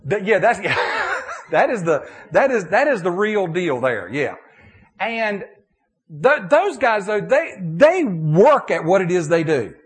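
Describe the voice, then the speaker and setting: A middle-aged man preaching a sermon in a folksy, animated way, checking in with his listeners and answering their questions. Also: high voice, slow. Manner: animated, folksy, many restarts and "okay?" checks.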